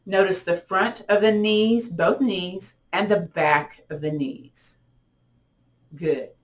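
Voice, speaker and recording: A middle-aged woman teaching gentle yoga, guiding breathing and a body-scan meditation in slow, soothing cues with counted breaths. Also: on the low side. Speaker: yoga and tai chi instructor.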